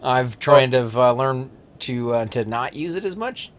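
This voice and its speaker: A man's voice: mid-range voice, lively intonation, a little slow. A man with a Texan accent, chatting casually with friends while streaming an online game, rambling and restarting his sentences. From Texas. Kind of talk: casual gaming chat.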